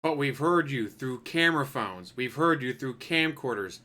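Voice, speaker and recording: A man's voice: medium pitch, animated, normal speed, pushed and bright. A man hosting a commentary channel, adding sarcastic, mocking remarks over clips.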